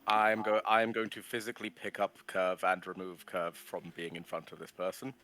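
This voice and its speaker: A man chatting loudly and casually as a player in a tabletop game. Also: deep voice, level tone, brisk, music in the background.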